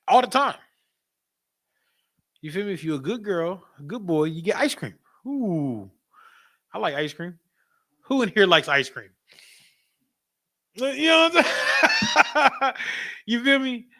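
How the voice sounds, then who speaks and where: A man teaching a class in a casual preaching style, animated and repetitive, often turning to the audience with asides and breaking into laughter. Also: sits high, moderate pace, pauses often. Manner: laughs often while talking.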